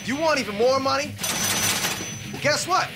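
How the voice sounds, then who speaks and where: A man's voice: very high-pitched, normal speed, voice pushed up. A man putting on a hyped-up commercial announcer voice for a mock ad. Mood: salesy. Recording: loud music bed behind.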